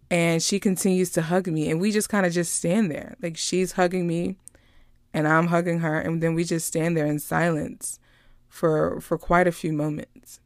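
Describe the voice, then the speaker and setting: A woman casually recapping a movie, chatty and animated, drifting into personal stories. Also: on the low side, moderate pace, dry recording, clean studio sound. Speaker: vlogger reviewing a movie.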